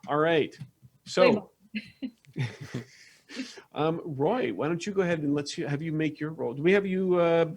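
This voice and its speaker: A man's voice: fairly high pitch, measured pace, pauses often. A man running a tabletop game as game master, upbeat and chatty, with many fillers.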